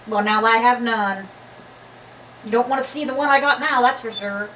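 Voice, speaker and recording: A woman's voice: on the high side, steady tone, normal speed, pushed and bright, slight background noise. A woman with a slight lisp reads Bible passages aloud in a casual vlog and chats and jokes between the readings. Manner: chatty, joking between readings. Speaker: Bible reader. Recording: echoey room, far from mic.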